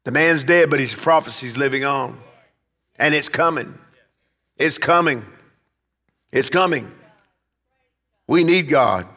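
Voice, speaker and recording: A man's voice: mid-range voice, takes it slowly, pauses often, sharp tone, big-room sound. A man preaching a sermon as pastor, swelling to emphatic peaks as he drives his points home. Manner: preaching, rising and emphatic at climaxes.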